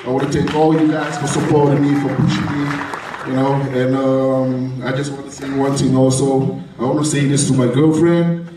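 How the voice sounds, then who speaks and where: A man's voice: mid-range voice, steady tone, normal speed, over music. A man with a Brooklyn accent, a bodybuilding competitor speaking emotionally and rambling at a press conference. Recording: echoey hall from far off, noisy.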